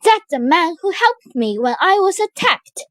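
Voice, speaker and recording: A woman's voice: extremely high pitch, big pitch swings, a little slow, fairly bright tone, voice pushed up, full character voice. A woman voicing a young heroine disguised as a page, exclaiming in surprise. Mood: indignant.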